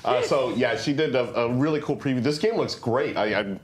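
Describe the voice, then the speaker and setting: A man's voice: medium pitch, a little fast. A man hosting a casual tabletop gaming show, chatty and upbeat with lots of fillers. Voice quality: animated, chatty with many fillers. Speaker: host. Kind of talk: casual chat.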